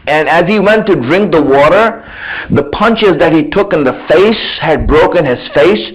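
A man's voice: on the high side, animated, normal speed, rough recording. A man preaching a religious sermon, telling a story in an impassioned way that rises to tearful intensity.

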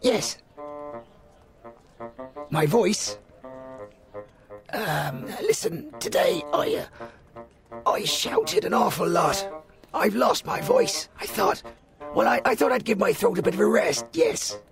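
A man's voice: high voice, wildly swooping pitch, extremely slow, gravelly, pauses often, over music, exaggerated voice. An actor dubbing an anxious man who soothes and reassures the person he talks to while hiding his own troubles. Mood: reassuring. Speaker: shopkeeper. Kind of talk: dubbed film dialogue.

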